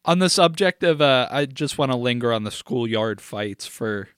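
A man's voice: mid-range voice, animated, moderate pace, a bit bright, smooth, no room sound, studio quality. A young man co-hosting a podcast, telling a rambling story in a joking, casual way. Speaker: podcast co-host. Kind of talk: casual chat.

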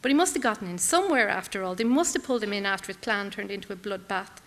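Bright-voiced woman reading dramatic prose. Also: mid-range voice, animated, big-room sound. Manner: measured, intense, clipped phrases. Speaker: reader.

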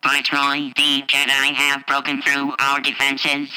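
An actor voicing a stiff male battle droid soldier for a toy sound chip, with a flat, clipped robotic delivery. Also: mid-range voice, measured pace, clean tone, rough recording. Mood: clipped, military.

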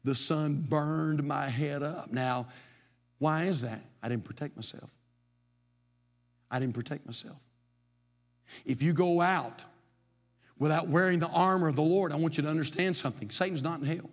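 A man's voice: fairly high pitch, moderate pace, pauses often. A middle-aged man, preaching a sermon as pastor, moving from folksy storytelling to emphatic preaching. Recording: long hall reverb.

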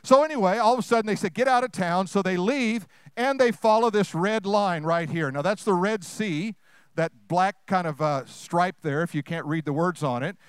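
High voiced preacher guy, smooth clear voice, dry sound, goes loud then real quiet. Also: normal speed, dry recording. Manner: animated, swinging from loud to hushed, quizzing the congregation. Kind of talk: sermon.

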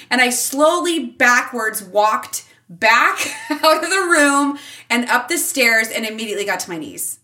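Bright, animated middle-aged woman storyteller. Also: far from the mic. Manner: animated, laughing often, jumping high when quoting herself. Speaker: podcast guest, teacher and mother. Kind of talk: casual storytelling in an interview.

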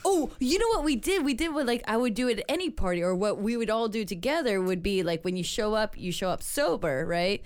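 A woman's voice: mid-range voice, lively intonation, fairly quick, few pauses. A woman on a casual podcast chat, rambling through a story with lots of fillers, restarts and laughs.

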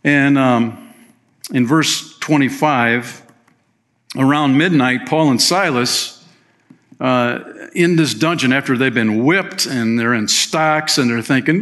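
A man's voice: mid-range voice, slow, a bit bright. Casual storytelling male pastor. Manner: casual, conversational storytelling with asides; slips into playful voices for quoted people. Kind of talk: sermon.

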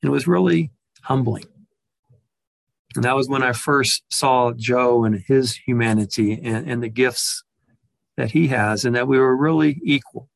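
A man's voice: mid-range voice, unhurried, creaky, dry recording. Reflective man telling a personal story. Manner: reflective, with frequent restarts and repeated words.

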